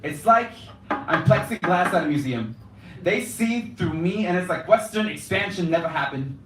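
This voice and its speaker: A man's voice: sits high, expressive, normal speed, noisy background. A young man performing slam poetry live, moving between Spanish and English in a rhythmic spoken-word delivery. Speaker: slam poet. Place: cafe performance space, indoors. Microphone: room mic from a distance. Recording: echoey cafe room, distant mic.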